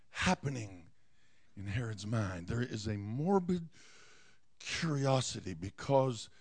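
Slow, animated storytelling preacher man. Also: mid-range voice, creaky. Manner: animated, acts out scenes, folksy asides. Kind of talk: dramatic sermon storytelling.

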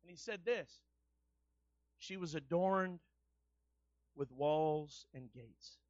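A man pastor preaching a sermon in a colloquial style, rising to loud shouted refrains. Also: fairly high pitch, slow, no room sound, dull audio.

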